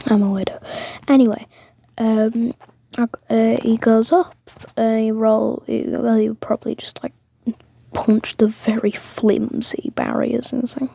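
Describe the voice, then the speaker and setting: A woman's voice: fairly high pitch, flat delivery, unhurried, gravelly, warm tone, slight background noise. A woman whispering a rambling fan-fiction story, with many fillers and self-corrections. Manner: mostly whispered.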